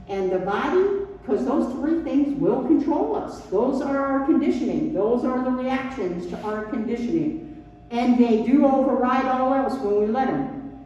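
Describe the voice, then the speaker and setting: A high-voiced woman preaches at an unhurried pace, leaning hard on repeated phrases. She sounds far from the microphone in a big echoing hall with a long, dull tail. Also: a little mellow. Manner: slow, emphatic, repeating key phrases. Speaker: service leader. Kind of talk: sermon. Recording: echoey hall, distant dull mic.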